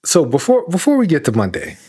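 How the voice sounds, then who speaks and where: A man's voice: on the high side, wildly swooping pitch, fast, mellow, slightly rough. A young man co-hosting a podcast in casual chat, laughing often and acting out quoted lines. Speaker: podcast co-host.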